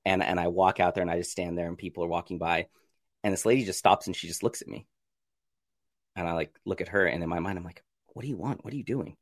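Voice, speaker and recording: A man, a podcast guest, telling his story in a casual interview, acting out his own reactions with sudden jumps in pitch and frequent laughs. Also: fast talker, no room sound, clean studio sound.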